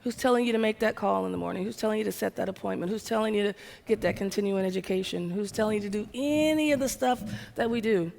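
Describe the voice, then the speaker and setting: A woman's voice: mid-range voice, fast, creaky. A woman from the American South gives a motivational keynote, talking energetically and firing questions at the audience. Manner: energetic, conversational, keeps asking the audience questions. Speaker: keynote speaker. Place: large event hall. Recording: long hall reverb.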